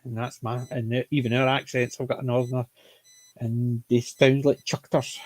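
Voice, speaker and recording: A man's voice: medium pitch, flat delivery, moderate pace, a little mellow, no room sound. A man with a mild Scottish accent reviewing a TV comedy in casual chat, rambling and often correcting himself. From Scotland. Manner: rambling, frequent self-corrections and apologetic restarts. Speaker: TV show reviewer.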